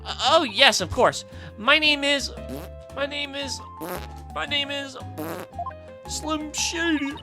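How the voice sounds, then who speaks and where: A man's voice: extremely high pitch, takes it slowly, long pauses, over music, voice pushed up, exaggerated voice. A man voicing a perky, eager young girl sidekick in a game. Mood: flustered.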